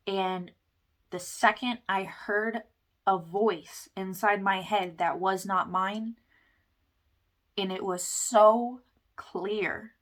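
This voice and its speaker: A woman's voice: mid-range voice, fairly bright tone. A young woman talking earnestly about a spiritual awakening, rambling with fillers like "like" and "you know". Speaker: wellness vlogger. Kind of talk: personal testimony monologue.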